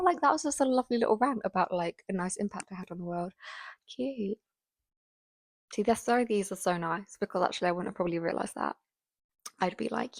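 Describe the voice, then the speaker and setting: A woman in her twenties chatting casually to camera. She rambles along with many fillers and often drops into a soft whisper. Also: lowish voice, fairly even intonation, quick pace, dry recording, clean studio sound. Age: 20s. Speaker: vlogger.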